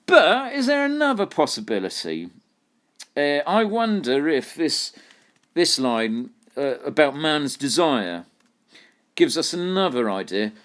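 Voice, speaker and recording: A man teaching a poetry lesson, thinking aloud and putting questions to his students. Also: a little high. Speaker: English literature teacher.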